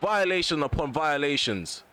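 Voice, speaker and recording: A man commentates live on a football video game, his voice on the high side at a normal speed. He rants at his players and the referee, erupting in excitable bursts whenever chances and goals come.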